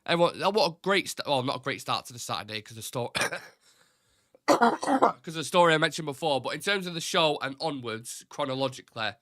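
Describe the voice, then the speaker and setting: A man's voice: on the high side, expressive, moderate pace, a bit bright, no room sound, studio quality. Blunt, indignant man with a stuffy nose. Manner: blunt and indignant, swears freely. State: slightly stuffy and nasal. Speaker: host of a fan livestream. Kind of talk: casual live-stream chat.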